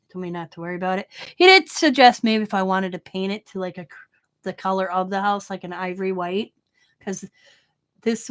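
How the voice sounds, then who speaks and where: Blunt, animated woman telling a story. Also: mid-range voice. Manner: animated, blunt, swears freely. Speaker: craft channel host. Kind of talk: casual storytelling while crafting.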